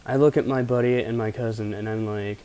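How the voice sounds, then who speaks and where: Fairly quick with fairly even intonation, his voice sits on the low side and sounds warm, clear, and resonant. This young Pennsylvania vlogger tells casual stories that ramble, swear freely, and stay laid-back.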